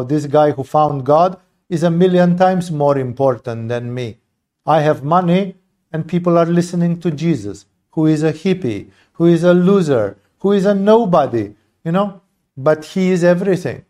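Spiritual teacher, male, mellow warm tone, impassioned and blunt, swears, rhetorical asides. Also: a little high. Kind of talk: satsang talk on poetry.

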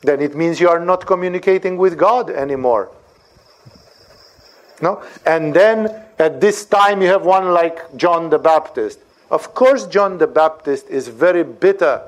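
A man giving an animated lecture on scripture, often asking rhetorical questions and checking for agreement. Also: sits high. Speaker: spiritual teacher.

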